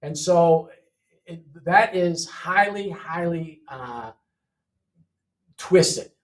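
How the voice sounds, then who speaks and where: A man's voice: fairly high pitch, animated, drawn-out words, far from the mic. A man teaching an English lesson. He repeats each word for learners and often checks in with "okay?". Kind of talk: classroom lesson walkthrough.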